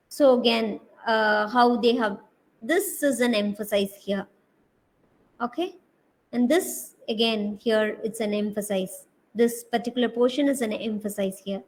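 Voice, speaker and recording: A woman's voice: fairly high pitch, poor audio. A woman with an Indian English accent giving a university design lecture, talking through slide examples with many hesitant fillers.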